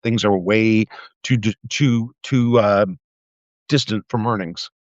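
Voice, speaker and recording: A man's voice: on the low side, steady tone, takes it slowly, dry recording. Profane, heated older man ranting. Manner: profane, heated and mocking, with stammered restarts. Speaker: political commentary livestreamer. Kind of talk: angry political rant on a livestream. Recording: dull dry lo-fi livestream audio.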